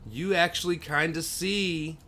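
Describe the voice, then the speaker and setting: A man's voice: a little high, steady tone, measured pace, pushed and bright, a little hiss or hum. A man co-hosting a podcast, casually recapping comic book plots at length with dry jokes. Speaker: podcast co-host.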